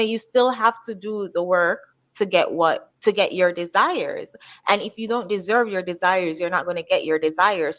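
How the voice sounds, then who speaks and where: A woman's voice: mid-range voice, fairly bright tone. Firm woman giving preachy commentary. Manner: firm, preachy, repeats for emphasis. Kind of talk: opinion commentary.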